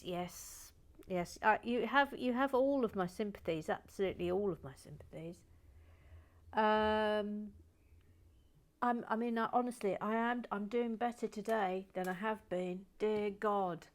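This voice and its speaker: A woman's voice: mid-range voice, unhurried. Lady rambling while she builds, drifts in and out of a whisper, laughs at herself. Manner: rambling, self-deprecating, slips between whisper and soft talk. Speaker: host of a building channel. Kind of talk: casual chat while building, partly whispered.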